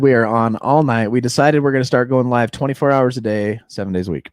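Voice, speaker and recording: A man's voice: mid-range voice, quick pace, no room sound, studio quality. A man hosting a recovery livestream in casual chat, laid-back and joking as he thanks viewers and shares news. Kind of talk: casual live-stream chat.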